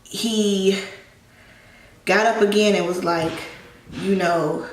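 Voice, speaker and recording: A woman vlogger telling a personal story in a get-ready-with-me video, talking in a raw, halting way and often repeating herself. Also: mid-range voice, fairly even intonation, a little hiss or hum. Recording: echoey room, mic at a distance.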